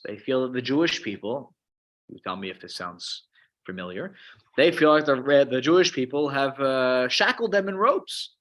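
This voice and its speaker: A man teaching a Psalms class, explaining Hebrew words in an animated way with frequent restarts. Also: mid-range voice, a little slow. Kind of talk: Torah class lecture.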